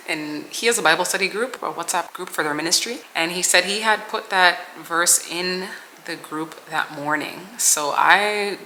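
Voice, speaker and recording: A woman's voice: lowish voice, sharp tone, a little hiss or hum, rough recording. A young woman vlogger sharing a personal testimony in an earnest, rambling way, full of "like" and "you know.". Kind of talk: personal testimony, casual storytelling.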